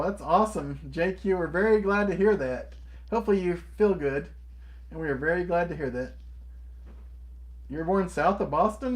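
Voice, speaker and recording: Upbeat man greeting stream viewers. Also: high-pitched. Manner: upbeat, reads out and answers viewer comments; enthusiastic, friendly greetings to viewers. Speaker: live stream co-host. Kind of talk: casual live stream chat.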